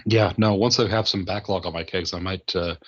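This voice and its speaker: A man talking casually as a podcast guest about homebrewing, halting with many fillers and restarts. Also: low voice, steady tone, highs cut off. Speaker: podcast guest, mead maker. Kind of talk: casual conversation.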